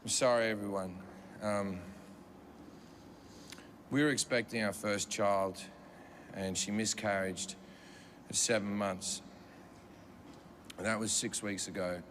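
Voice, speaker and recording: A man doing a grieving young husband's halting, quiet apology in a stand-up routine. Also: on the low side, steady tone, voice pushed down. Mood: sorrowful. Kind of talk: stand-up comedy. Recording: roomy theatre with long reverb, audience noise.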